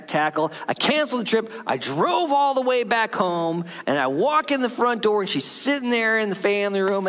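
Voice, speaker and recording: A man's voice: a little high, a bit bright. A male pastor preaching a sermon, telling a story and acting out the voices in it. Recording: long hall reverb.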